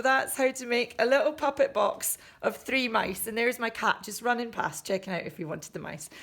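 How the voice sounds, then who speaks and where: A woman with a fairly high voice talks children through a paper craft at home, chatty and lightly joking as she describes each step. There is a faint hiss behind her. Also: fairly bright tone. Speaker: children's book author leading a craft.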